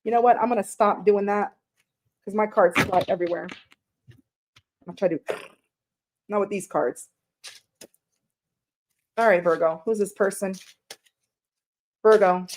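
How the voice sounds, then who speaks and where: A woman's voice: medium pitch, a little slow, long pauses, darkish tone, a little hiss or hum. A middle-aged woman giving a chatty live-stream tarot reading, greeting viewers by name and swearing casually. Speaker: tarot reader.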